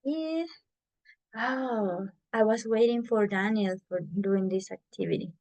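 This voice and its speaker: A woman's voice: mid-range voice, a little slow, darkish tone. A woman teaching an English class over a video call, patiently repeating herself as she explains.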